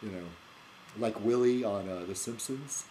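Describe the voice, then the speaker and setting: With a voice on the low side and a moderate pace, a vlogger hosting his own channel delivers a casual, rambling monologue, tripping over fillers and restarts while laughing at his own jokes animatedly. The recording is rough, with a bit of hiss or hum.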